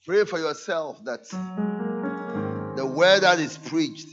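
A man preaching a sermon to his church, earnest, moving between loud emphasis and soft asides. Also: on the high side, takes it slowly, lo-fi sound, loud music behind the voice. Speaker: pastor. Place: church service.

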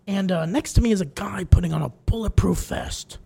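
A fairly high male voice that tells stories with energy and slips into little character voices as he goes. Casual podcast chat from a young man who breaks into laughter often. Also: brisk, gravelly, breathy edge. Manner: animated storyteller, acts out quoted voices, laughs often. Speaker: podcast co-host.

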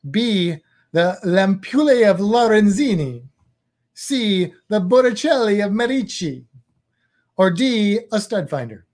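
A man's voice: high-pitched, animated, takes it slowly, darkish tone. A man hosting a casual quiz chat, reading multiple-choice questions with playful jokes. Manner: playful, jokey quizmaster. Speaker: host.

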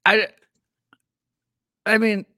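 A man's voice: high-pitched, monotone, drawn-out words, pushed and bright, no room sound, clean studio sound. A man co-hosting a casual political podcast, rambling with many fillers and restarts. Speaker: podcast co-host.

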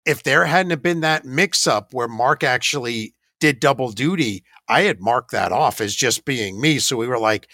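A man's voice: mid-range voice, moderate pace, few pauses, sharp tone, dry recording, clean studio sound. A man who leads a paranormal investigation team, telling an anecdote in a chatty, self-deprecating way with occasional laughs. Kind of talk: casual anecdotal storytelling.

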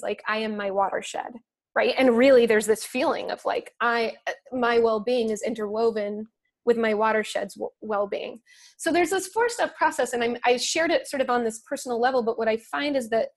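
A woman speaking as a podcast guest, explaining her method in a thoughtful, earnest way with many fillers. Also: a little high. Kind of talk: casual conversational explanation.

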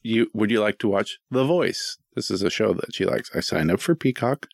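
A man's voice: on the low side, expressive, normal speed, gravelly, no echo, studio quality. A man in his thirties co-hosting a podcast, chatting casually with jokes and frequent swearing. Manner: joking, profane, playful. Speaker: podcast co-host. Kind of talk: casual comedic chat.

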